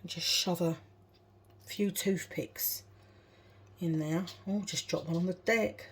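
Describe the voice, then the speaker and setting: Cooking at home, a woman vlogger talks through every step and laughs at herself. She speaks slowly in a lowish voice with fairly even intonation, while dishes and cutlery clatter behind her.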